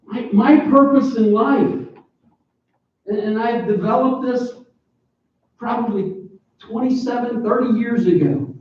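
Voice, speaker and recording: A man in his forties preaching a sermon, animated and joking, with sudden loud bursts. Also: very high voice, unhurried, pauses often. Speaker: pastor. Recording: echoey, distant, dull church PA recording.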